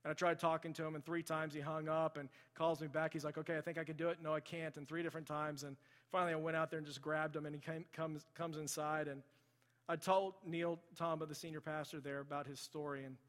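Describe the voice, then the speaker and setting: A man's voice: on the high side, flat delivery, quick pace, a bit bright, long reverb tail. A man preaching a sermon in a church, telling a story and building to impassioned emphasis. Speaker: pastor. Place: church sanctuary.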